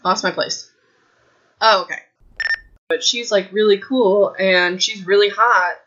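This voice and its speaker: Raspy-throated woman rambling chattily. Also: mid-range voice, measured pace, a bit bright. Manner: rambling, says "like" a lot. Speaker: podcast host. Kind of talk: casual chat about a book. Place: home room. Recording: dull lo-fi home recording.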